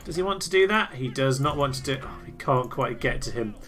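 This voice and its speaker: A man giving excitable, theatrical commentary on a strategy game he is playing, often laughing and cheering. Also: mid-range voice, a little fast. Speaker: let's play host. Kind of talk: gameplay commentary.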